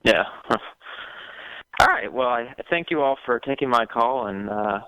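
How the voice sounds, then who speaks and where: A man calling in to a talk show, speaking in a halting way and repeating words as he works through his thoughts. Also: mid-range voice, expressive, sharp tone, clean tone, no echo, lo-fi sound. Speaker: caller. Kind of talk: call-in conversation.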